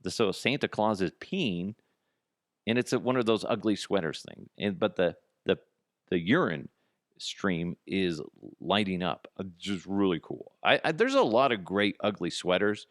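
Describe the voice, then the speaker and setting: A man with a fairly low voice hosts a comedy podcast in a casual, rambling monologue. His pitch swings widely as he jumps between asides and swears freely. The sound is dry and close. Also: lively intonation, moderate pace, no echo. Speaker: podcast host.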